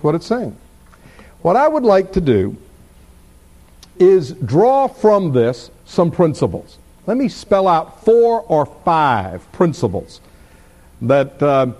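A man preaching a sermon, teaching in an unhurried, expressive way and asking his listeners rhetorical questions. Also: fairly high pitch.

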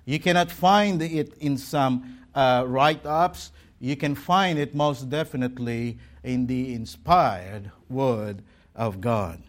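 A man preaching a Sunday sermon to his congregation and online viewers, stressing words and drawing out line ends. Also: mid-range voice. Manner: slow, emphatic preaching with drawn-out words and dropping line ends. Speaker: pastor. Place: church service streamed online.

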